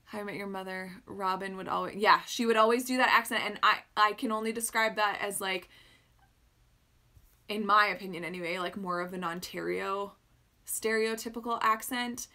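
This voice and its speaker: A woman's voice: medium pitch, steady tone, normal speed, bright, forceful tone. A woman from Canada chatting casually on a live stream, reading out and answering viewer comments over a phone mic. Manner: chatty, reads out and responds to comments.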